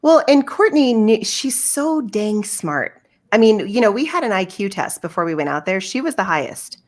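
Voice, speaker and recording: A woman guest on a podcast, chatting casually as an emphatic, animated storyteller who acts out her quotes. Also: medium pitch, normal speed. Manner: emphatic, lots of fillers and restarts. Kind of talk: casual chat.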